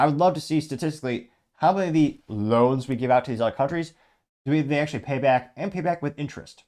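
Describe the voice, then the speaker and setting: A man hosting his own political commentary show, reading out viewer comments in a rapid, blunt and sarcastic way while running on lots of coffee. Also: medium pitch, a little mellow. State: over-caffeinated. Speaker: host.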